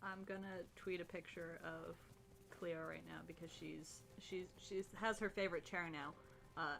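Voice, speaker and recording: A woman's voice: fairly low pitch, steady tone, measured pace, creaky, fairly bright tone. A woman co-hosting a livestream, rambling through casual asides with giggles and apologies. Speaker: co-host of a streamed gameplay talk.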